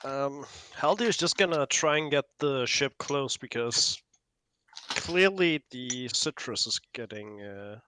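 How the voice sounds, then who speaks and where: A man playing in a tabletop game, speaking hesitantly and pausing with fillers. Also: medium pitch, lively intonation, pushed and bright, a little hiss or hum. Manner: slow, hesitant with "um"s. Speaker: player. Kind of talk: casual tabletop play.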